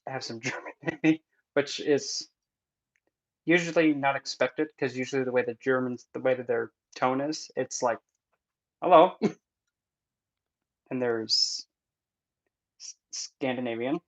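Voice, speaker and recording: A man's voice: mid-range voice, steady tone, normal speed, pauses often, poor audio. A man chatting casually in a Q&A, rambling, joking and breaking off mid-thought, on an in-ear mic. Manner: rambling, jokey, self-interrupting. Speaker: vlogger and spiritual instructor. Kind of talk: casual Q&A chat. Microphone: in-ear headset mic.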